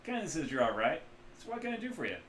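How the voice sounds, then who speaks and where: A cheerful, hungover middle-aged doctor who runs a back-alley clinic, as a man puts him on, brash and folksy with a Midwestern twang. He talks high and loud, bragging about his trade. The sound bounces around an echoey room. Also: big pitch swings, quick pace, a little hiss or hum. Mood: boastful. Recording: roomy echo.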